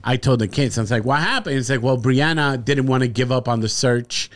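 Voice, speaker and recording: A man's voice: medium pitch, brisk. A man in his forties, a podcast co-host telling blunt, jokey stories and mocking others in put-on voices. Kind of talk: casual podcast banter.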